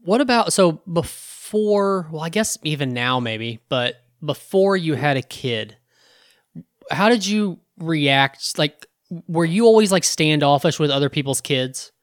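A man co-hosting a podcast, asking rambling questions in a relaxed, easygoing way. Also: fairly high pitch, measured pace, no echo, clean studio sound. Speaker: podcast co-host. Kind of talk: casual podcast chat.

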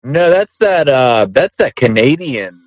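A man's voice: medium pitch, unhurried, dry recording, rough recording. A young man in casual joking chat about TV, acting out silly voices. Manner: jokey, lively, acts out silly voices.

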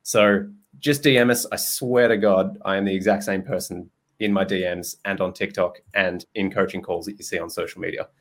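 A young man with a lowish voice hosts a relaxed podcast chat. He is loose and jokey, drops in swear words and breaks into laughter often. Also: a little fast, hardly any pauses. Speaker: podcast host and nutrition coach. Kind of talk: casual chat.

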